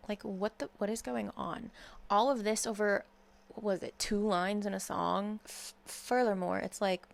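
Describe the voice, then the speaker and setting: Blunt, sarcastic young woman with vocal fry. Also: mid-range voice, fairly even intonation, unhurried. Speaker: commentary YouTuber. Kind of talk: casual commentary rant.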